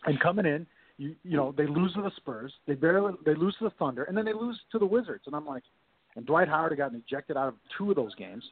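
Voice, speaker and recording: A man's voice: fairly high pitch, fast, breathy edge. A man, a sports documentary producer, telling stories on a talk show and acting out quoted dialogue. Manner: animated, acts out quoted dialogue. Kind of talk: casual storytelling interview. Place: phone call-in to a talk show. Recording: tinny phone line.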